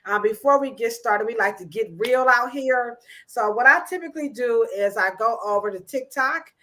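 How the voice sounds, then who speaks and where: A woman hosting a casual livestream chat, animated and playful, laughing often. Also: a little high, normal speed. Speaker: host.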